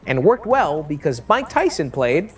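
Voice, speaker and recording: A vlogger recaps a film with a sarcastic, profanity-laced delivery, swinging the pitch widely for punchlines. Jokes tumble out in a lively, mocking stream. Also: a little slow, heavy background noise. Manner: sarcastic, profane, animated, laughs often. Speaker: movie reviewer. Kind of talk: comedic movie recap vlog.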